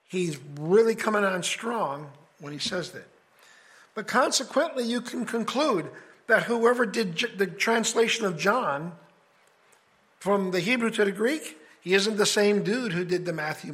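Male Bible teacher, high-pitched, casual and conversational, walks through his points step by step. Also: fairly bright tone. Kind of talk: casual scripture study lecture.

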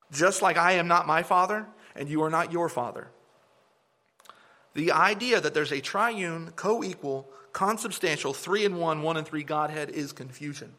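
A man preaching a sermon to a congregation, emphatic and animated, sometimes mocking the views he argues against. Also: a little high, a little slow.

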